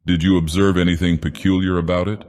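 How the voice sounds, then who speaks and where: Male actor as a brooding divine villain narrating a tale, very low voice, long cavernous reverb. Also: flat delivery, quick pace, darkish tone, lightly acted. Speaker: audiobook narrator. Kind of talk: storybook narration in character.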